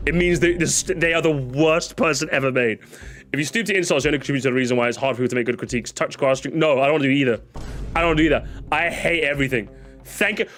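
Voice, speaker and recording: A man's voice: on the high side, quick pace, a bit bright. A young man streaming a casual reaction to comments, sarcastic and jokey, often stammering and restarting his sentences.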